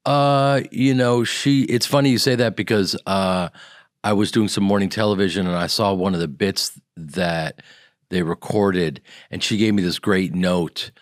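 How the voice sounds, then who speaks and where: A man from the American Midwest, an actor and comedian guest on a radio interview, telling animated stories and acting out the people in them. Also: sits low, a little slow, dry recording, clean studio sound. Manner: animated storyteller who acts out quoted people. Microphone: studio microphone.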